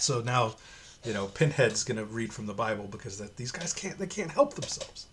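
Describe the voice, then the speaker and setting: A man's voice: medium pitch, very animated, moderate pace, fairly bright tone. A man giving casual, profane, opinionated commentary while reading a comic aloud. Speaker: comic reviewer.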